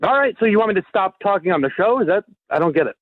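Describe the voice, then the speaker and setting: A man's voice: sits high, animated, no room sound. A man calling into a radio show, defensively arguing back over a phone line. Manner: fast, defensive, pleading. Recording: tinny phone line, dry.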